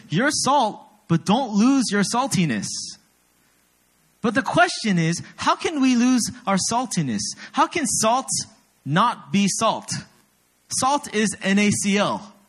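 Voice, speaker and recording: A young male pastor delivers a sermon in a bright, slightly high voice that leaps up and down as he tells stories. He is self-deprecating and animated, often turning to the congregation with quick questions. His delivery is lively and conversational.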